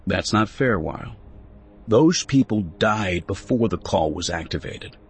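An earnest young settler, played by a man, pleading and persuasive, his voice low and husky with a lively swing. He sounds eager, a bit awkward, always trying to win the other man over. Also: unhurried, exaggerated voice.

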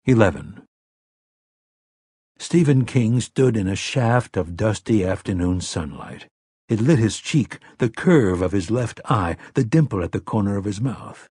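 A man reading an audiobook as narrator, measured and unhurried. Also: fairly low pitch, darkish tone, breathy edge, no echo, studio quality. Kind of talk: scripted narration.

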